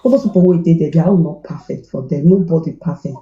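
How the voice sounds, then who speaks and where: Low-voiced Nigerian woman, echoey voice note. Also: fast, phone-quality sound. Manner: apologetic. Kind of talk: casual Pidgin voice note.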